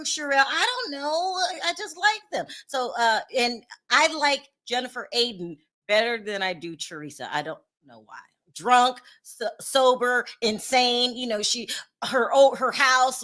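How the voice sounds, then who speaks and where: A chatty woman hosts a casual reality TV recap, candid and quick to laugh as she talks to the chat. Her voice is bright and forward, sitting a touch high. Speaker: reality TV commentary host.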